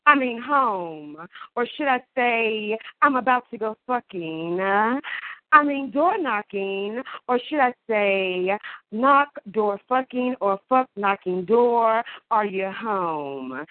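A woman caller performing emphatic, playful spoken word on a call-in show, with deliberate delivery and wordplay. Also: on the high side, animated, no echo. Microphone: phone. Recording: tinny phone line.

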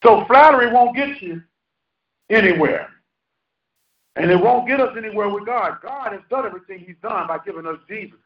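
A man's voice: high voice, animated, moderate pace. A man preaching a sermon as pastor, folksy and joking, asking his congregation questions. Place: church hall. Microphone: handheld microphone. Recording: roomy, distant, dull sound.

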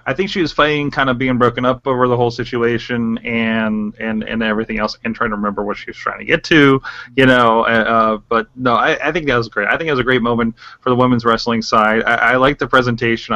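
A man co-hosting a casual wrestling podcast, animated and excitable, often stumbling over his words. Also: mid-range voice, fast talker, dry recording. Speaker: podcast co-host. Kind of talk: casual chat. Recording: muffled lo-fi audio.

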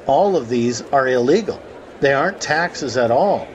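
A man's voice: medium pitch, animated, unhurried, muffled recording, slight background noise. A man hosting a conference call, telling a courtroom story in a conversational way and acting out the quotes. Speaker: host of a call about the law.

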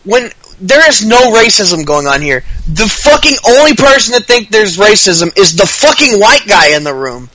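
A man on a podcast rambles through a story, laughing and swearing as he goes. His voice sits high and sounds bright and forceful. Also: big pitch swings, moderate pace, few pauses, dry recording, low-quality recording. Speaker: podcast co-host. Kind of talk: casual podcast chat.

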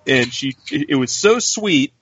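A man co-hosting a podcast, rambling in casual chat with halting restarts. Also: mid-range voice, lively intonation, background noise. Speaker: podcast co-host. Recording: distant dull dry mic.

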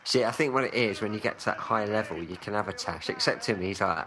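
A man's voice: fairly low pitch, quick pace, a crowd in the background. A man co-hosting a podcast, giving casual movie commentary with laid-back, chuckling banter. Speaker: podcast co-host.

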